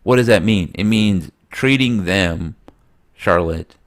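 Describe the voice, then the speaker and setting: A man co-hosting a sports podcast in casual chat, slightly nasal, rambling and animated, laughing often. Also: sits low, takes it slowly. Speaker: podcast co-host.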